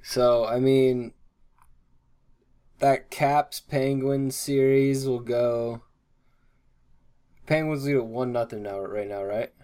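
A man's voice: medium pitch, steady tone, slow pace, pauses often, warm tone, clean tone. Laid-back young man talking sports. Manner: laid-back, hesitant, many fillers. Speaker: podcast co-host. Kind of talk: casual sports chat.

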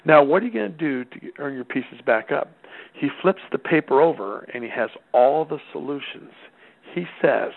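A middle-aged man tells a folksy story about raising his kids and voices both sides of the dialogue. His voice sits a bit high and has a gravelly fry. It comes through thin and narrow, like a radio broadcast over a phone line. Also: lively intonation, normal speed. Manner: folksy, anecdotal, acts out dialogue. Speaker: parenting seminar speaker. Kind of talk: storytelling talk. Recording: tinny phone-like radio sound.

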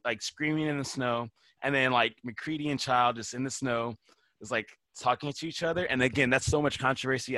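On a casual film podcast, a man with a medium-pitched voice animatedly retells movie scenes, with no room sound. He acts out lines in quoted voices and swears casually.

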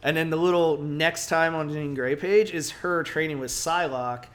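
A man's voice: on the high side, normal speed. A man co-hosting a casual podcast, retelling a comic book story with lots of "like" and acted-out quotes. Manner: animated storytelling, acts out quotes, heavy "like" filler. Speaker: podcast co-host.

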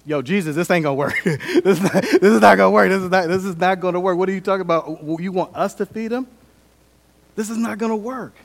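A fed-up young male disciple, as a preacher acts him out, complaining in street slang with a raised, high voice. He pushes back in quick bursts. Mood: exasperated. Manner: slangy, protesting.

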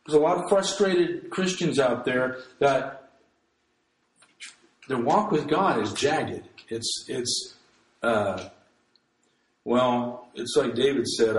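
A man's voice: fairly high pitch, expressive, a little slow. Earnest male pastor, echoey room. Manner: earnest, emphatic, with frequent restarts. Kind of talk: sermon.

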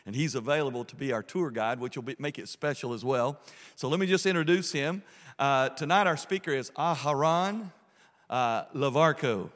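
A man at mid pitch introduces a guest speaker to a church gathering, chatty and informal, with plenty of "uh" fillers. His voice rings out with a long hall reverb from the sanctuary. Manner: warm, informal, with frequent "uh" fillers.

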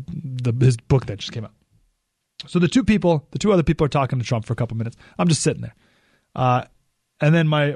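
Male American talk radio host, lively swooping delivery, fairly high voice, dry close mic. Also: no room sound. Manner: animated, swings between loud and hushed emphasis.

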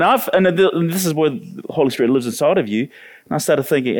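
A man hosting a church panel, telling a personal story in a lively way and acting out the other voices. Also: a little high, racing. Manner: animated, acts out quoted voices.

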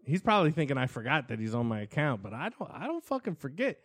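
A man telling stories in a casual chat, swearing freely and animated. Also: medium pitch, fast talker, few pauses, dry recording, clean studio sound. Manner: animated, profane storytelling.

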